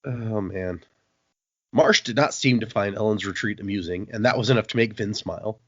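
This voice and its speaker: A man's voice: fairly low pitch, normal speed, husky, dry recording. A man hosting a podcast, casually recapping a book and acting out the quotes. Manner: animated storytelling, acts out quotes. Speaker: podcast host. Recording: dull, dry lo-fi podcast audio.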